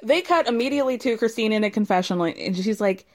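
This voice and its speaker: A woman's voice: mid-range voice, fast talker. Young woman, casual recap, fired-up and profane, mid-range voice. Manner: exasperated, profane, animated ranting. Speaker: reality TV recapper.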